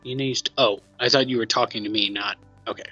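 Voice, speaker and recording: A man's voice: mid-range voice, fairly even intonation, fast talker, bright, forceful tone, slightly rough, highs cut off, faint music behind. A man chatting casually on a live stream, swearing now and then and talking back to a co-host he can't hear. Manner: chatty, swears, laughs, talks to a co-host off mic.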